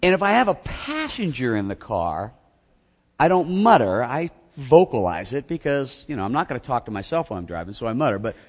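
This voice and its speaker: Animated male pastor in a reverberant hall. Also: mid-range voice, brisk. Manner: animated storytelling, self-mocking, acts out shouting. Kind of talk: sermon.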